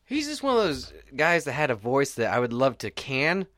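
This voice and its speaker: Irreverent, animated man on a podcast. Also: medium pitch, moderate pace, no room sound, studio quality. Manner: irreverent, profane, joking. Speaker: podcast co-host. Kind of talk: casual podcast chat.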